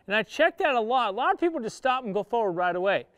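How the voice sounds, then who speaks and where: A horse trainer rides in an outdoor arena, quickly explaining each step to viewers in plain cowboy language and pausing to coach his horse with short calls. His fairly high, smooth voice is fairly bright with big pitch swings, recorded close and dry with no echo.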